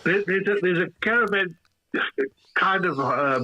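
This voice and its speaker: A man's voice: sits high, a little slow, muffled recording, background noise. A man co-hosting a radio show, adding short asides to the banter. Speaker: radio co-host. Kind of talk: casual studio banter.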